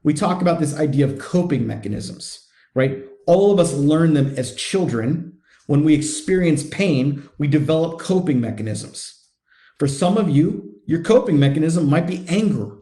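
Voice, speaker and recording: A man's voice: fairly high pitch, animated, moderate pace, dark tone, echoey room. A man who coaches men and hosts a podcast, giving a blunt, profane, confrontational motivational monologue. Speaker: men's coach and podcast host.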